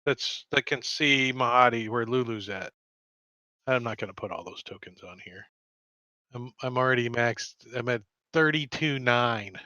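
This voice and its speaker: A man running a tabletop game as dungeon master, narrating in a relaxed, rambling way. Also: mid-range voice, normal speed, no room sound.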